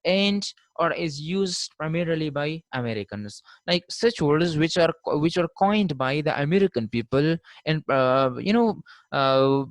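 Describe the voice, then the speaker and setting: A man's voice: a little high, expressive, no echo. Dry-sounding man giving a linguistics lecture. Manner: repeats "fine" as a check-in, models pronunciations slowly. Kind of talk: recorded online lecture.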